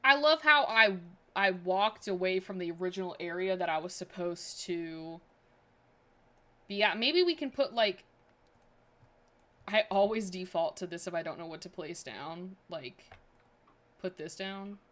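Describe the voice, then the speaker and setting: A woman's voice: lowish voice, measured pace, pauses often, fairly bright tone. Chatty woman streamer thinking aloud. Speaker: game streamer. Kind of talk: casual livestream chat.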